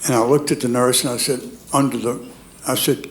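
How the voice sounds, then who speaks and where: A man's voice: medium pitch, fairly even intonation, brisk, a little hiss or hum. A man, telling a rambling, folksy stand-up set on a comedy club stage. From North Carolina, USA. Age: 80s. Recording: roomy club with audience laughter.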